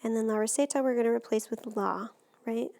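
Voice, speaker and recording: A woman teacher walks through Spanish grammar in a recorded lesson, patient and methodical. Her voice sits a little high and often drops into a gravelly fry. She sounds close to the microphone. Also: a little fast, darkish tone. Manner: patient, step-by-step explaining.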